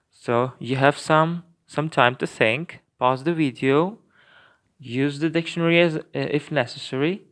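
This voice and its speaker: Slow, clear-voiced man teaching grammar. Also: mid-range voice. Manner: slow, careful explaining with many fillers and restarts. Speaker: language teacher. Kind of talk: recorded grammar lesson.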